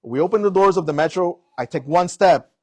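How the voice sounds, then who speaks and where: A young adult man preaching, telling a personal story in an animated way and acting out the voices in it. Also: high voice, a little fast, no room sound. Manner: animated storytelling, acts out quotes.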